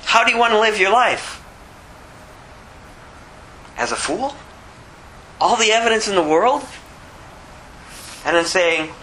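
A man preaching an expository sermon, shifting from slow, low scripture reading to emphatic, repeated rebukes. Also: animated, sharp tone, slight background noise, poor audio. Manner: repeats phrases for emphasis, chuckles at his own points.

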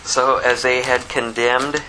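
A man preaching a sermon, reading scripture aloud with animated emphasis. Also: mid-range voice, takes it slowly, noisy background. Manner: animated, quotes scripture in a rising voice, prays softly. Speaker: pastor.

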